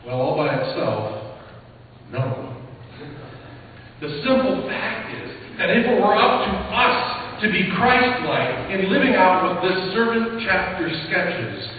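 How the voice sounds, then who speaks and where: A man's voice: high voice, big pitch swings, slow, slight background noise. Man preaching in an echoey church. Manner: earnest, emphatic preaching with rhetorical questions. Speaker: seminary professor preaching. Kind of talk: sermon. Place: church sanctuary. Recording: far-off, echoey church hall on a phone-like line.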